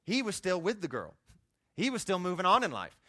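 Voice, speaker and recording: Bright animated young male preacher. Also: a little fast, no echo, studio quality. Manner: conversational preaching, voice climbing high for emphasis. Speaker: youth pastor. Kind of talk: sermon.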